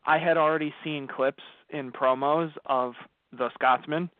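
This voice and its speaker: Male podcast co-host, animated storyteller with bursts of yelling, phone-like dry sound. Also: a little high, normal speed, no echo. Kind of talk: casual review chat.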